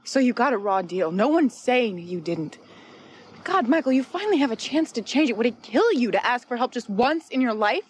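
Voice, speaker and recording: A woman's voice: fairly high pitch, sing-song, normal speed, a little hiss or hum. An actress playing an exasperated, protective teenage girl who pleads with rising frustration.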